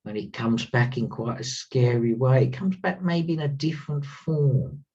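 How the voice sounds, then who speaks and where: A man gives an earnest spiritual talk, leaning on repeated words for emphasis. His voice is husky and mellow. He sits a little back from the mic, and the sound is dull and lo-fi. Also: medium pitch, expressive, moderate pace. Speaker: spiritual teacher. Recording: slightly distant, dull lo-fi sound.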